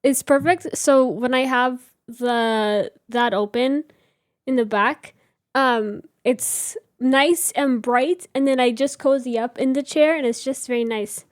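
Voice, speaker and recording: High-voiced giggly woman in her thirties. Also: fairly even intonation, slow pace, no room sound, studio quality. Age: 30s. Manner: chatty, giggly, reads chat aloud. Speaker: livestream host. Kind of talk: casual chat with viewers. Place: home room with reading chair.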